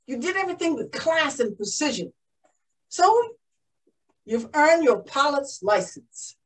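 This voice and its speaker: A woman voicing a formal male flight instructor who speaks in a measured, ceremonious way. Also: high-pitched, big pitch swings, distant mic, rough recording.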